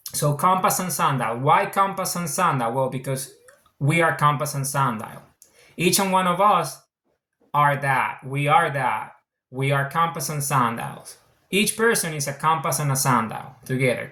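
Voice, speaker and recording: A man's voice: a little high, bright, forceful tone, echoey room. Earnest man with a mixed international accent. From Venezuela. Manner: earnest, repetitive, circles back on his points. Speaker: author explaining his book. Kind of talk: casual explanatory monologue.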